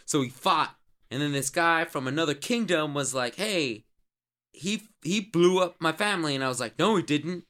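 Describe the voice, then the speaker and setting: Guy doing a loud crude jock captain, swears nonstop, voice bouncing all over, pitched up. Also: animated, moderate pace. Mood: swaggering rant. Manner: swaggering, profane, rambling storyteller. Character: brash crude male jock team captain, loud and boastful.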